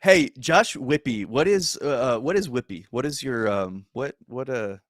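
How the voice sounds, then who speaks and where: A man hosts a relaxed conversation, teasing his guest and asking long, rambling questions full of fillers. His pitch is mid-range, and the dry room adds no echo. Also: moderate pace. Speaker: podcast host. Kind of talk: casual chat.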